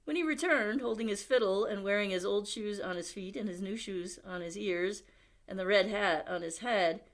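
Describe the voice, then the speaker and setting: A woman at a library reading a picture book aloud, expressive, with chatty asides to young listeners. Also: medium pitch, moderate pace. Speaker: library storyteller.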